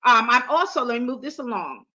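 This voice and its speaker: Bright high-voiced woman counselor. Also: lively intonation, fairly quick, muffled recording. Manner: earnest, repeats and restarts words, warm emphatic preaching tone. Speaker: Christian counselor and show host. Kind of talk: live online counseling talk.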